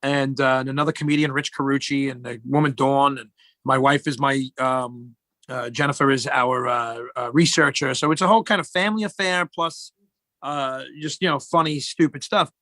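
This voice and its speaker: A man's voice: medium pitch, steady tone, moderate pace, sharp tone, no echo. A middle-aged man, a guest in casual chat, telling rambling joking stories.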